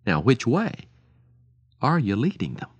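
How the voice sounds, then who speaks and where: A man's voice: mid-range voice, wildly swooping pitch, unhurried, husky, no room sound. A man preaching on the radio, telling stories in an earnest, pleading way and speaking to parents directly.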